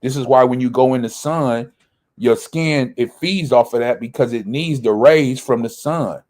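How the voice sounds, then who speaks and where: A man's voice: mid-range voice, moderate pace, darkish tone. A man teaching a Bible study. He reads verses aloud, then explains them, and often asks a question and answers it himself.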